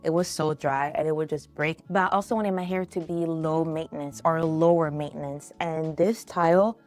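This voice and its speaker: A woman's voice: low-pitched, fairly even intonation, moderate pace, a little mellow, soft background music. A young woman vlogger sharing an earnest, emotional faith-based story about her life, talking casually and openly to her viewers.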